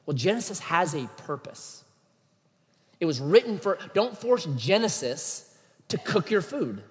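A man preaching a sermon in an animated, emphatic way, full of rhetorical questions. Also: sits high, measured pace, big-room sound.

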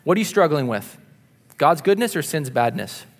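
A man preaching a sermon, earnest and insistent, moving between punchy emphasis and quiet asides. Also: on the high side, very animated, normal speed, big-room sound. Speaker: pastor.

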